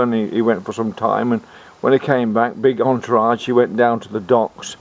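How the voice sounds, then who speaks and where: A man telling a comic tall tale in a rambling, halting way, often restarting his sentences. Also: mid-range voice, steady tone. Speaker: storyteller. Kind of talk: comic folk storytelling.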